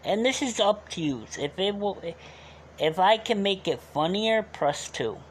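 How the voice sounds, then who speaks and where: A man's voice: high voice, expressive, a little slow, slight background noise. A man streaming live, chatting casually with viewers and asking them to rate his voice, his throat sore from the bit. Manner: loose and chatty, asks viewers to rate him.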